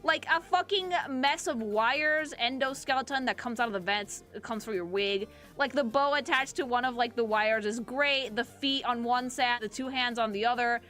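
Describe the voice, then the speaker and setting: A woman streamer reacting to animations, excitable and crude, swearing freely. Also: fairly high pitch, moderate pace, few pauses, faint music behind.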